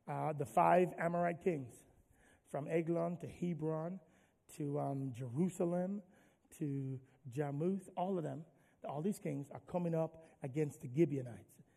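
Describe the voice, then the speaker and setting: A male pastor preaching with a high voice that carries a gravelly rasp. He draws call-and-response from the congregation, dropping soft before building loud. The sound rings through a reverberant church hall. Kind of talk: sermon.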